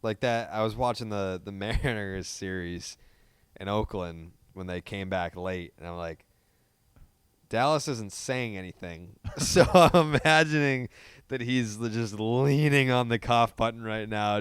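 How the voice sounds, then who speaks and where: A man's voice: on the low side, normal speed, clear, resonant tone, dry recording. A man co-hosting a baseball podcast in a casual, wry way, swearing now and then. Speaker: podcast co-host. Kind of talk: casual chat.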